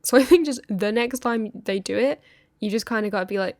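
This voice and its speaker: Gravelly laid-back woman co-host. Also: on the high side, fairly quick, darkish tone, no room sound, studio quality. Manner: laid-back, giggly, says like a lot. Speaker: podcast co-host. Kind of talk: casual chat. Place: England.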